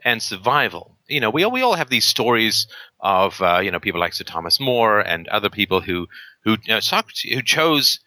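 A man with a strikingly bright, forceful voice that sits fairly low in pitch, hosting a call-in show. He argues emphatically, tags points with rhetorical questions and fills pauses with ums and uhs. The sound is dry and close. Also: very animated, dry recording. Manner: emphatic, with rhetorical tag questions and frequent fillers. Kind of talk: casual argumentative talk on a call-in show.

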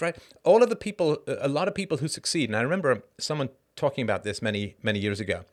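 A middle-aged man hosting a casual solo monologue, animated and rhetorical, with short laughs and frequent asides of "right?". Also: mid-range voice, quick pace. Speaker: podcast host.

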